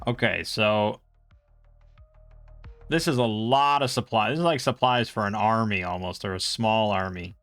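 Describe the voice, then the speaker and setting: A man's voice: on the low side, fairly bright tone. A man playing a solo tabletop role-playing game, reading out rules and rolls and thinking aloud in a casual way.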